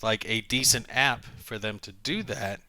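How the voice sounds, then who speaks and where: A man's voice: on the low side, measured pace, sharp tone, no room sound. A man with a Southern US accent in a casual chat, blunt, joking and dismissive.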